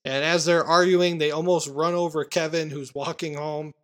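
A man hosting a casual podcast, retelling movie scenes with animated quoted lines. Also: on the high side, normal speed. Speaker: podcast host recapping a film. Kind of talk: casual chat.

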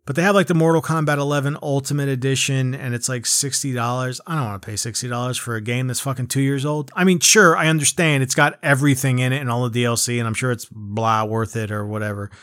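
A man's voice: mid-range voice, fairly even intonation, fast, hardly any pauses, a bit bright, clean tone, no echo, clean studio sound. A man ranting casually about video games, rambling and swearing with lots of fillers. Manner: rambling, profane, frequent fillers and restarts. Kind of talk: casual rant.

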